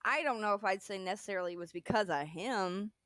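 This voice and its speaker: A woman's voice: medium pitch, fast, fairly bright tone, no room sound. A woman co-hosting a casual livestream chat, teasing and joking with her co-host. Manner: playful and teasing. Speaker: podcast co-host.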